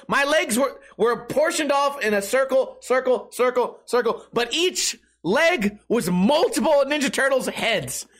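A man's voice: very high voice, fairly bright tone. A man chatting casually on a stream, telling rambling stories full of swearing and giggles. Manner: profane, giggly storytelling.

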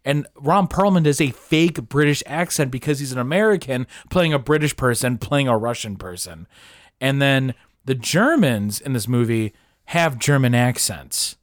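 A man hosting a podcast, rambling through a story full of "like"s and the odd curse, mid-pitched and lively. His voice is dry and close to the mic, with no room around it. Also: normal speed, no room sound. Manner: rambling, animated storytelling with swearing and fillers. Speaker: podcast host. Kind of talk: casual chat.

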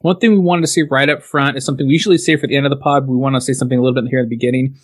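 A man's voice: medium pitch, fairly even intonation, rapid-fire. Chatty laughing man podcast host. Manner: chatty, laughing often, rambling. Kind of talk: casual chat. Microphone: video call.

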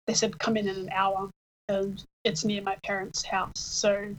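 A woman telling a personal story in casual chat, reflective, with fillers and pauses. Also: mid-range voice, little pitch movement, poor audio. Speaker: partner sharing a personal story.

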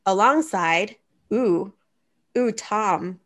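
A woman's voice: medium pitch, extremely slow, fairly bright tone. A woman hosting a casual podcast chat, wry and teasing, thinking aloud as she looks things up. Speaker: podcast host.

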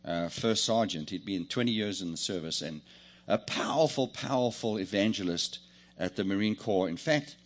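A man's voice: fairly low pitch, normal speed. A man preaching a sermon, joking and calling on the congregation to answer back. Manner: lively, joking, calls on the congregation. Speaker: pastor.

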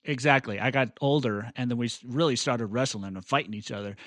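Man, forties, podcast co-host, rambling casual talk, mid pitch, dry sound. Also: brisk, a bit bright, no room sound. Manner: rambling, many fillers and restarts. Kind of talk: casual chat.

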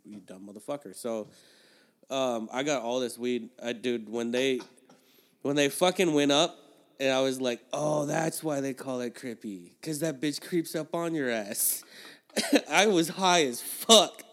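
Mid-pitched man, foul-mouthed and loose, rambling storyteller on a podcast. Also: fairly bright tone. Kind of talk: casual podcast chat.

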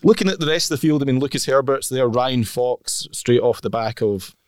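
A man's voice: mid-range voice, brisk, no echo, studio quality. A man co-hosting a podcast, chatting casually with teasing, jokey banter. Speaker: podcast co-host. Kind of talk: casual chat.

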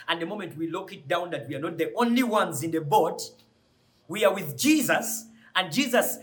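Impassioned high-voiced male preacher. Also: fairly bright tone. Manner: impassioned, rising to emphatic peaks and repeated rhetorical questions; stumbles and repeats words. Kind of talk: sermon.

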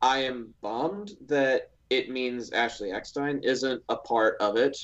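A man's voice: medium pitch, slow, dull audio. A man co-hosting a podcast in casual chat, rambling with many restarts and filler words. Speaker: podcast co-host.

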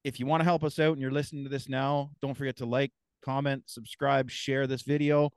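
A man's voice: medium pitch, little pitch movement, fairly quick, smooth, dry recording, studio quality. A man hosting a podcast, telling stories in an easygoing, casual way. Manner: easygoing, swearing storyteller. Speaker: podcast host. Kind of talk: casual chat.

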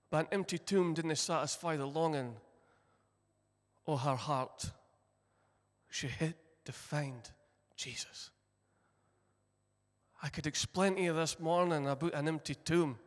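A Scottish man preaching a sermon as pastor, telling the story earnestly with deliberate emphasis. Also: on the high side. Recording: long reverb of a large hall.

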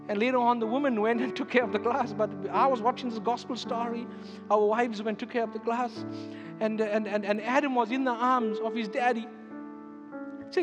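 A man's voice: very high voice, fairly even intonation, fairly quick. A man, a pastor, preaching a sermon with emphatic storytelling. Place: church sanctuary. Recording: echoey church hall with music underneath.

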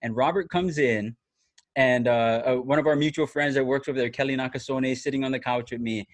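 A man telling a story in casual chat, animated and laughing, with many restarts and fillers. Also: mid-range voice, fairly quick, dry recording. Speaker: former TV reporter telling a story.

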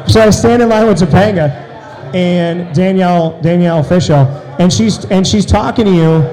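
A man telling an animated story as an interview guest, with loud excited bursts. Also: sits high, moderate pace, soft background music, low-quality recording.

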